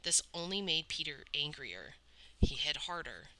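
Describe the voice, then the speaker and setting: A woman reads a novel aloud with dramatic storytelling. Her voice sits low, with a tense, sharp brightness to it. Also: big pitch swings, measured pace, rough recording. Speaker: audiobook reader. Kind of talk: read-aloud novel narration.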